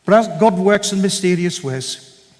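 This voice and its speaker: A man with a fairly high voice tells a personal testimony at a church event. He is an animated storyteller who acts out each bit of dialogue. He is recorded in a hall with a long, ringing reverb. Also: measured pace. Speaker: guest speaker giving a testimony.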